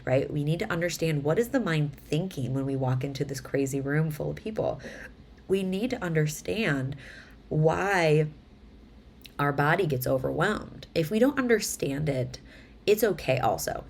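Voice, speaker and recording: Low-voiced chatty woman vlogger. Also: moderate pace, a little hiss or hum. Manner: chatty, animated retelling with voiced quotes. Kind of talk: casual monologue to camera.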